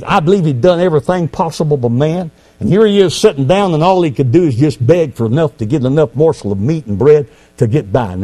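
A man delivering a fervent sermon in a somewhat high voice. His pitch swings widely as he drops into quiet asides and rises to loud exclamations. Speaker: preacher.

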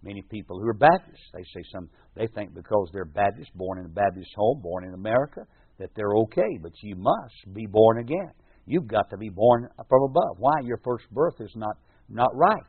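A man's voice: lowish voice, lively intonation, moderate pace, husky, dry recording. A man preaching a sermon in an earnest, repetitive manner, often restarting his words and lifting his voice when he quotes scripture. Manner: reads scripture in King James phrasing with rising emphasis. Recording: tinny phone-like sound, dry.

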